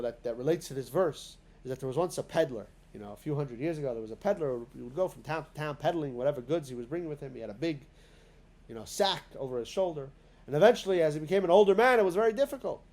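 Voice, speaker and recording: A man giving a spoken lesson to a class, with a fairly high voice. He talks in a relaxed, conversational way and often restarts his sentences and fills gaps with small words. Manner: conversational, many fillers and restarts. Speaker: teacher of a synagogue class. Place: synagogue classroom.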